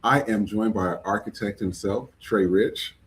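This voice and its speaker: A man's voice: fairly low pitch, moderate pace. A man hosting a live podcast stream, chatty and upbeat, with frequent fillers. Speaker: podcast host. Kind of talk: casual live-stream chat.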